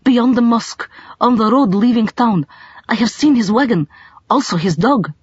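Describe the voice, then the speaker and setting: A woman's voice: on the high side, normal speed, a little mellow, breathy edge, no room sound, lo-fi sound, voice pushed up. A woman voicing a cautious, clever young girl who speaks in a careful, formal way, in a storybook reading. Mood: earnest.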